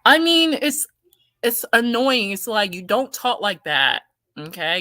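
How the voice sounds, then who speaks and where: A woman talks straight into the mic in a blunt, indignant commentary style, swearing freely as she works through the story and reads viewer comments aloud. Her tone is bright and forward, and the sound is dry and close with no room around it. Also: a little high, big pitch swings, unhurried, no echo. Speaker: commentary host. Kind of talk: casual opinion commentary.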